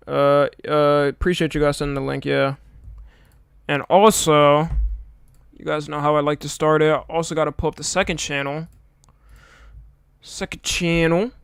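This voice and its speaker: A man's voice: on the high side, creaky, clear, resonant tone, no echo. A young man streaming live, chatting casually and a little tired, swearing freely as he greets viewers by name.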